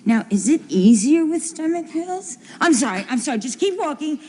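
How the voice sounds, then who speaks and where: An actress playing a naive, flustered housewife in a 1970s TV soap, rambling and repeating herself nervously. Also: female voice, high voice, very animated, moderate pace, a little mellow.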